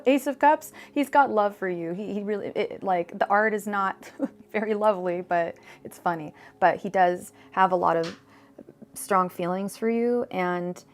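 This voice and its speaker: A woman reading tarot cards on a live stream, chatty and digressive, full of fillers and restarts. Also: medium pitch. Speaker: tarot reader.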